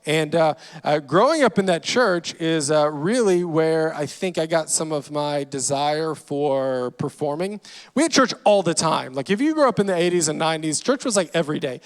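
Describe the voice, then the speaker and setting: A man in his forties from Louisiana, a guest comedian telling self-deprecating stories from a church stage with dry punchlines and quick asides. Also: a little high, lively intonation. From Louisiana, USA. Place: large church auditorium. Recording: long hall reverb.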